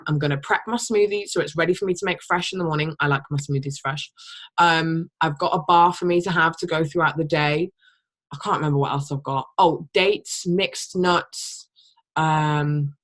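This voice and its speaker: Young woman, team leader on a call. Low voice, blunt, rambling, swears casually. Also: a bit bright. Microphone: call microphone.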